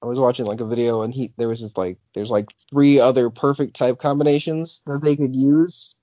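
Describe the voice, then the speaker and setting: A man's voice: medium pitch, steady tone, brisk, dark tone, no room sound. A young man co-hosting a podcast in casual chat, rambling with lots of filler words and restarts. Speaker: podcast co-host. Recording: dull lo-fi podcast audio.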